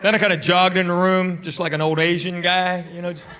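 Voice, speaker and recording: A middle-aged man from Tennessee doing a stand-up comedy set, telling stories and acting out quick quotes from his family. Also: high voice, flat delivery, sharp tone, clear, resonant tone. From Tennessee, USA. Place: theater stage before a live audience. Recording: live show with audience laughter. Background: audience laughter.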